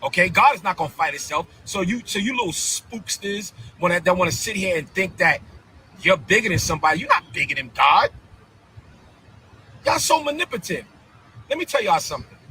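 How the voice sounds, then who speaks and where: Fiery high-voiced preaching man. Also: sharp tone, slight background noise, low-quality recording. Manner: fiery, repetitive, confrontational preaching cadence; incredulous repeated outbursts. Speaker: bishop. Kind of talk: heated live-stream rant.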